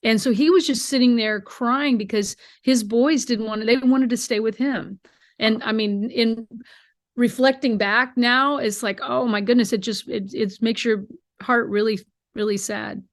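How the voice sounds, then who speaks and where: A woman's voice: on the high side, fairly even intonation, unhurried, no echo, clean studio sound. A middle-aged woman, a bluegrass singer, telling heartfelt stories as an interview guest and acting out quoted dialogue. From United States. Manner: heartfelt storytelling, emotional, acts out quoted dialogue. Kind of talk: remote interview conversation.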